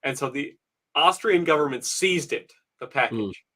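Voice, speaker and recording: A man's voice: fairly high pitch, animated, normal speed, a bit bright. A man in his thirties chatting casually on a stream, rambling, wry and full of swearing. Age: 30s. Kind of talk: casual chat.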